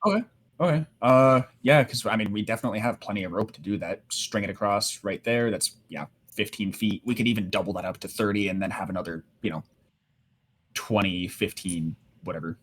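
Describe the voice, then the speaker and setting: A man playing a tabletop game, thinking his plan through aloud with many pauses and fillers. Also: fairly low pitch. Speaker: player. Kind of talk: casual tabletop planning talk.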